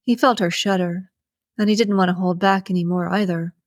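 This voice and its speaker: A woman reading a romance novel aloud as narrator, in a measured, even storytelling delivery. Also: lowish voice, no echo, clean studio sound. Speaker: audiobook narrator.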